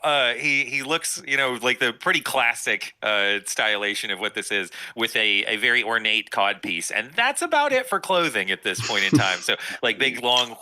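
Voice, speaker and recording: A man's voice: mid-range voice, expressive, normal speed, few pauses, bright, forceful tone. A man playing a tabletop game, talking playfully with hesitant restarts. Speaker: player. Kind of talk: casual tabletop game chat.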